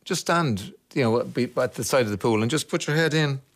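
A man hosting a radio chat show, his voice sitting at an ordinary middle pitch. He is wry and encouraging as he jokes with his co-host. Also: a little fast. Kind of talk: casual radio chat, reading listener messages.

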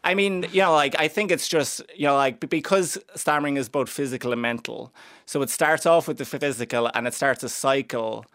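Brief: young Irish stand-up, Cavan accent, stammers, gravelly and dry-sounding close mic, deadpan self-mockery. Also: male voice, mid-range voice, brisk, no room sound. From Ireland (Cavan). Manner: dry, self-mocking humour. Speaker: stand-up comedian, guest. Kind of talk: radio interview chat.

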